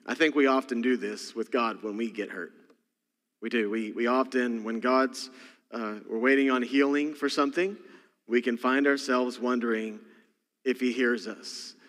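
A man's voice: medium pitch, fairly even intonation, moderate pace, fairly bright tone. A male pastor preaching a sermon in a casual, chuckling storytelling manner to his congregation. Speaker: senior pastor. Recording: long hall reverb.

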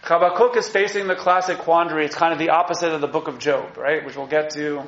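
A fairly high-voiced man teaching a class, animated and often acting out the cries in the texts he reads. The sound is echoey and a bit dull and lo-fi. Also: quick pace. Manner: animated, acts out the prophets' cries. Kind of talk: evening Torah class lecture. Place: classroom with live audience.

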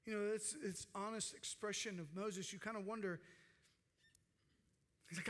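High, bright-voiced male preacher. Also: steady tone, moderate pace, long pauses. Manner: impassioned, acts out quoted cries, drops to hushed tones. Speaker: pastor. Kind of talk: sermon.

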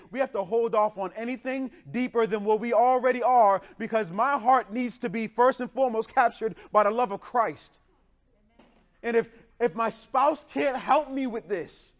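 A young male pastor preaching a sermon in a conversational way, with slang and quick swings between loud bursts and hushed lines. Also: high-pitched.

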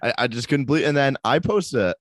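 A man co-hosting a sports podcast in casual chat, talking in a laid-back, deadpan, profane way. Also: medium pitch, quick pace, dry recording, clean studio sound. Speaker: podcast co-host.

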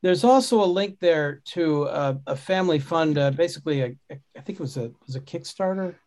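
A man's voice: fairly high pitch, lively intonation, fairly quick, darkish tone. A man hosting a casual podcast conversation, talking in a rambling way with many restarts and fillers. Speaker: podcast host.

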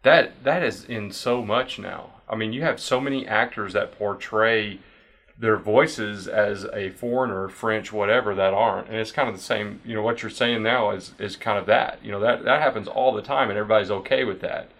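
A man's voice: on the low side, normal speed, a bit bright. A man in a casual podcast discussion, rambling and circling back with lots of fillers. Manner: rambling, repeats himself with fillers.

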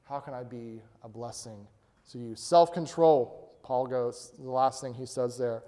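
A man's voice: medium pitch, fairly even intonation, unhurried, mellow. A male pastor preaching a sermon, asking his congregation questions and rising to emphatic peaks. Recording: long hall reverb.

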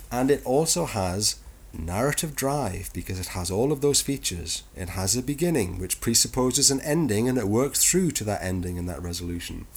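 A man's voice: fairly low pitch, slightly rough. A man hosting a podcast, delivering a sardonic, profane monologue on literature in a lecturing tone. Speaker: podcast host.

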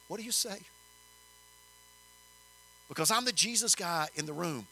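An older man telling a story in a sermon, folksy and animated, rising in emphasis. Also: on the high side, fairly quick, pauses often, slight background noise, rough recording. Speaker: preacher.

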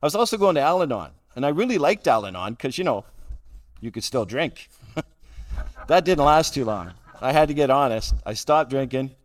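Wry middle-aged man telling stories. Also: mid-range voice. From Calgary, Canada. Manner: self-deprecating, wry, chuckles at his own jokes. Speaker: guest speaker at a recovery roundup. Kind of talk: humorous personal storytelling talk.

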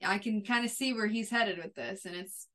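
A woman co-host talks through a TV episode in a relaxed, chatty way. Her voice sits at a middling pitch, and she strings scenes together in long runs that fade off softly at the ends. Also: normal speed. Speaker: podcast co-host. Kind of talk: casual chat recapping a TV episode.

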